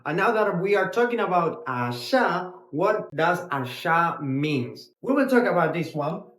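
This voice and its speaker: Young Argentine man, Spanish tutor, higher voice, recorded in a roomy, echoey space. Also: sing-song, a bit bright. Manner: explains slowly, repeating words, switching between English and Spanish. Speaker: Spanish teacher. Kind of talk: casual language lesson.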